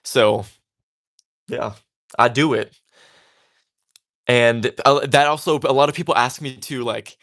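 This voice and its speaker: A man's voice: mid-range voice, moderate pace, long pauses, a bit bright. Chatty young man, casual and defiant. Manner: chatty and defiant, with many fillers. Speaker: tatting creator. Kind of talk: casual talk while crafting.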